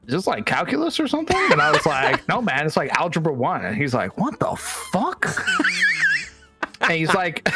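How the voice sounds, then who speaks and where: A man's voice: fairly high pitch, sharp tone. A man co-hosting a podcast, telling a personal story in casual chat, laughing often and swearing. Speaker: podcast co-host.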